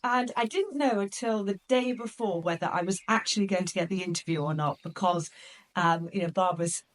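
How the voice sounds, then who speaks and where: A woman's voice: on the low side, brisk. Chatty woman podcast host. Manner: chatty, excitable, many fillers. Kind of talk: casual storytelling to listeners.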